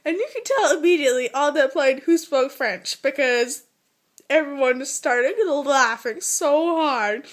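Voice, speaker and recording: American girl telling a story to the camera, high voice, lots of "like", animated and giggly. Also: unhurried. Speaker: vlogger. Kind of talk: casual storytelling.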